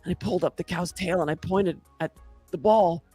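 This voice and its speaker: A man's voice: high-pitched, fairly quick, dark tone, slightly rough, dry recording, faint music behind, voice pushed up. A man voicing a male golfer who rambles through a long story in a breathless, storytelling way. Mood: rambling.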